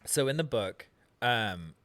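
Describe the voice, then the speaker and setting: A man co-hosting a podcast, casually explaining a book's version of a scene in a relaxed, explanatory way. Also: mid-range voice, slow, dry recording. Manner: relaxed, explanatory, with "um" and "that sort of stuff". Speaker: podcast co-host. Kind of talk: casual book recap.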